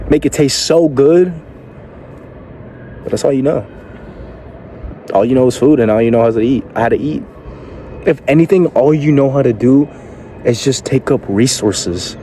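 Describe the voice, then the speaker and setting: A man's voice: medium pitch, dark tone, slight background noise. Blunt man giving a profane motivational speech. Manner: rhetorical questions aimed at the listener. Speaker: motivational speaker.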